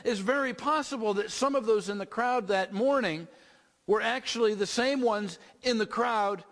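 A male preacher with a high voice delivers a sermon. He draws listeners into a scene with repeated "you can hear" build-ups. His voice rings with the long reverb of a large hall. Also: fairly bright tone. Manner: vivid second-person storytelling, repetitive build-ups.

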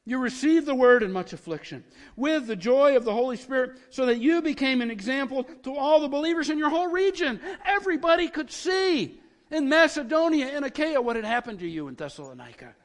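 A man preaching a sermon as pastor, getting excited and repeating words as he builds up. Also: very high-pitched, fairly quick, in a large hall.

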